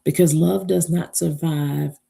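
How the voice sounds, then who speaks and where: Woman, relationship speaker, live motivational talk, lowish voice, breathy, emphatic, call-and-response. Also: fairly even intonation, unhurried, mellow. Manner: emphatic, spells out key words letter by letter; rallies listeners to repeat after her.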